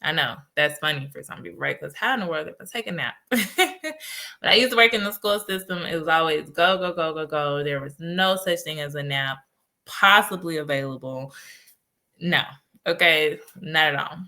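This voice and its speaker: A woman hosting a podcast, talking casually and telling stories in an animated way. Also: low voice, moderate pace. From United States. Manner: animated storytelling with laughs. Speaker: podcast host and life coach. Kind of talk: casual solo podcast talk.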